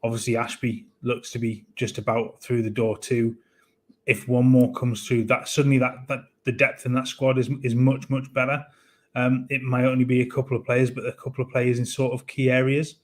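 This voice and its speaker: A man co-hosting a football fan show, giving measured analysis of players with frequent hesitant restarts. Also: mid-range voice, flat delivery.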